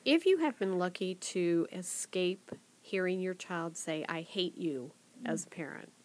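A woman's voice: lowish voice, expressive, unhurried, a little mellow. A woman giving parenting advice in a conversational way, speaking to parents and modeling phrases they can say to their children. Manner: conversational, advising, drops into quoted example phrases. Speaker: parenting advisor.

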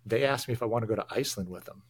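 Lower-voiced man telling stories as a guest. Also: rapid-fire, husky. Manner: animated storytelling, stumbles and restarts. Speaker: firefighter and public information officer, guest. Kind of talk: casual interview chat. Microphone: remote video call.

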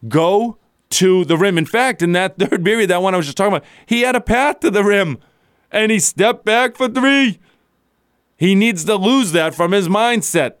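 A man's voice: high voice, lively intonation, moderate pace, fairly bright tone, smooth, no echo, studio quality. A man hosting a sports talk radio show, delivering a blunt, opinionated monologue and chuckling as he goes. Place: radio studio.

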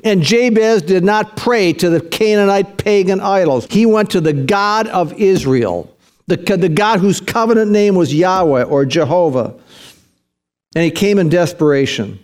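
A man with a high voice delivers a sermon as pastor. He talks in a relaxed, conversational way, then climbs in pitch and force when he presses a point. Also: measured pace. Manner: conversational preaching with rising emphasis, addresses listeners as "man".

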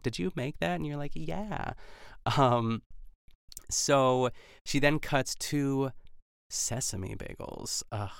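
Chatty podcast guy rambling on, gravelly lowish voice, dry close mic. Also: no echo. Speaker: podcast host. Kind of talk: casual podcast recap chat.

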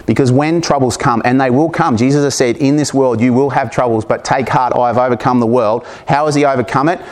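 A man's voice: medium pitch, a little fast, darkish tone. A man preaching a sermon, reading scripture aloud and breaking off into casual, humorous asides to the congregation.

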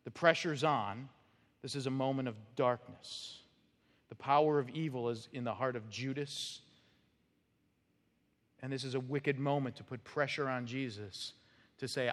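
A man's voice: mid-range voice, unhurried, pauses often, a bit bright. A man preaching a sermon as pastor, talking in a conversational, storytelling way. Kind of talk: expository sermon. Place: church sanctuary. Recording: long church hall reverb.

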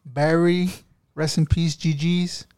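A man teases his friends on a casual podcast in loose slang. His voice sits a little above the usual male pitch. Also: level tone, slow, darkish tone, smooth. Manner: teasing, slangy. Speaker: podcast co-host. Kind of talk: casual chat.

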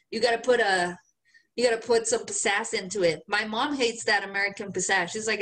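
A woman from Mexico co-hosting a podcast in casual chat, a little tipsy, talking in an animated way with plenty of swearing. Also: medium pitch, brisk. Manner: animated, swearing, laughing often. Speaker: podcast co-host.

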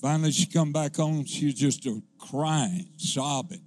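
A pastor telling a folksy, humorous testimony that rises into fervent preaching. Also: male voice, a little high, measured pace, a little mellow, no echo. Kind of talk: storytelling sermon.

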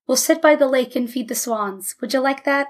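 A woman voicing a weary, gentle middle-aged immigrant father in a storybook reading, speaking in a mild, dry, sighing way. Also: sits high, moderate pace, natural voice.

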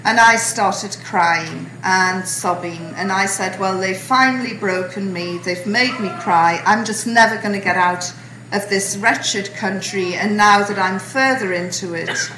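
Bright-voiced woman telling a story in an echoey hall. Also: mid-range voice, a little slow, slight background noise. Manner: animated, wry storytelling with acted quotes. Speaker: speaker recounting her imprisonment. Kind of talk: storytelling talk to an audience.

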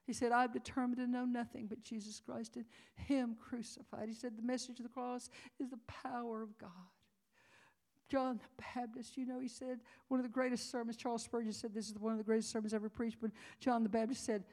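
A woman's voice: on the high side, level tone, fairly quick, a little mellow. Emotional woman preacher telling a story. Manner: dramatic storytelling, dropping to whispers and rising to cries; emotional, near tears. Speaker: conference speaker. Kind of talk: sermon storytelling.

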